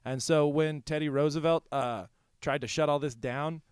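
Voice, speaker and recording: A man's voice: a little high, fairly even intonation, moderate pace, smooth, dry recording, clean studio sound. A man co-hosting a comedy podcast in casual chat, rambling with many restarts and frequent laughter. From Houston, USA. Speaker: podcast co-host.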